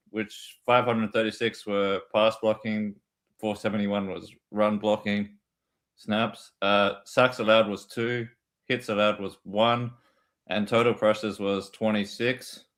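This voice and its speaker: A man's voice: lowish voice, flat delivery, a little slow, fairly bright tone. A man on a podcast methodically reading player statistics from a spreadsheet in a casual discussion. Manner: methodical, reads figures from a spreadsheet. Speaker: podcast co-host.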